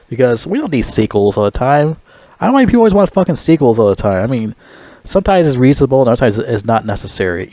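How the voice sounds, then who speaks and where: A man casually reviewing a movie in a rambling, profane way, getting loud and animated when he is outraged. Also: mid-range voice, dry recording.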